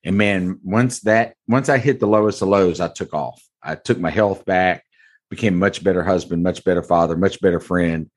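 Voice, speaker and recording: A man in his forties, a car dealership owner, telling his story to an interviewer in a blunt, earnest, folksy way. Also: deep voice. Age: 40s. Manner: earnest, blunt, folksy, calls host brother. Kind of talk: candid conversational storytelling.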